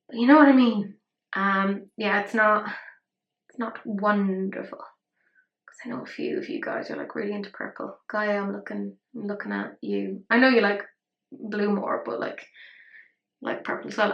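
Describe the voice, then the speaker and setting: A woman's voice: medium pitch, a bit bright. A young woman talking through a makeup tutorial in a rambling, self-mocking way. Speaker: beauty vlogger. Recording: roomy echo.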